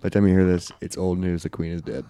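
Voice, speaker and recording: A man's voice: deep voice, flat delivery, quick pace, warm tone, slight background noise. A man co-hosting a casual podcast, joking around with a wry, teasing manner. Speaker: podcast co-host.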